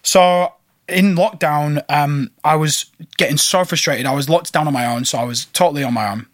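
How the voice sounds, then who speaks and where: Guy in casual chat, pretty high voice, plays out his reactions, dry mic sound. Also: normal speed, dry recording. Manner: chatty, acts out his own reactions in quoted voices. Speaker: singer-songwriter guest.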